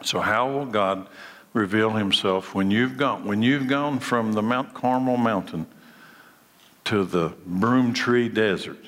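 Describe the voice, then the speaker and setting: A man's voice: fairly low pitch, fairly bright tone, long reverb tail. A man preaching a sermon, asking many rhetorical questions and acting out the dialogue in the story. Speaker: pastor.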